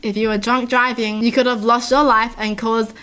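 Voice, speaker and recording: A woman's voice: on the high side, level tone, normal speed, a bit bright. A woman reading stories aloud and adding chatty, earnest asides to her listeners. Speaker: story reader and commentator.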